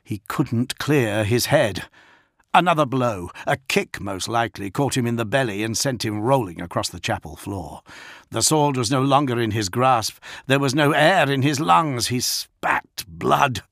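A man giving scripted audiobook narration in a measured, dramatic storytelling manner. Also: medium pitch, animated, creaky, a bit bright, dry recording, clean studio sound.

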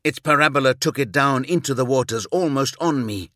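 A male audiobook narrator telling a first-person story in a measured, intense way. His voice is bright and forceful, at a middle pitch. The sound is close and dry, with no room around it. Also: no room sound.

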